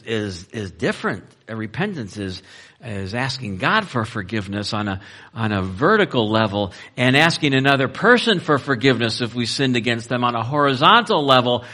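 Bright-voiced man preaching a sermon. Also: medium pitch. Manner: reads verses quickly then slows to explain, with fillers. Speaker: pastor. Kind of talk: sermon reading and explaining scripture.

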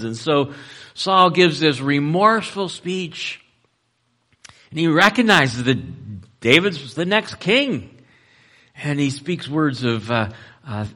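A male pastor preaching, his voice a little high and very bright. He reads passages quickly, then slows down to explain them plainly, with frequent fillers. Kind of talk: sermon reading and explaining scripture.

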